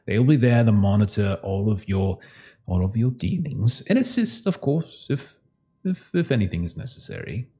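A man acts as game master for a tabletop game, narrating scenes and voicing characters in a relaxed way, chuckling as he goes. His voice is on the low side and his pace moderate.

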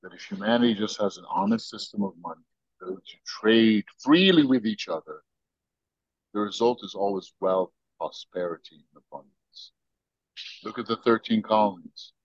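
An American man, a podcast guest, telling stories and arguing his views in an animated, opinionated way. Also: lowish voice, normal speed, slightly rough, no room sound, lo-fi sound. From United States. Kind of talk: casual podcast interview.

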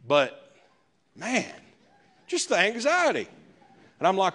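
A man's voice: high voice, wildly swooping pitch, takes it slowly, long pauses, pushed and bright. A male pastor, preaching a sermon in a conversational way with folksy asides. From American South.

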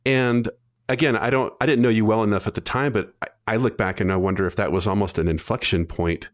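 A man hosting an interview, speaking in a thoughtful, measured way and affirming what his guest says. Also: fairly low pitch, steady tone, dry recording, studio quality. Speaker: interviewer host. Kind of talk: conversational interview.

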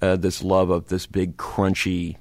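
A man hosting a radio music show, asking measured, thoughtful questions of a guest. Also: sits low, completely flat delivery, no echo. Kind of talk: interview questions. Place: radio studio.

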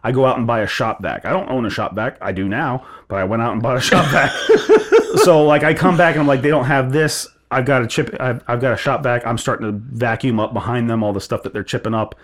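A man co-hosting a casual podcast, telling a long story in a rambling, animated way, full of restarts and "like". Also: medium pitch, brisk. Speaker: podcast co-host.

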